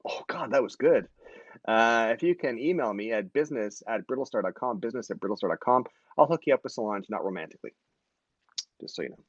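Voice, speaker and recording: Male host, forties, joking and self-correcting; animated pitch, muffled stream audio. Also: quick pace, no echo. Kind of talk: casual live-stream chat. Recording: dull, lo-fi live stream.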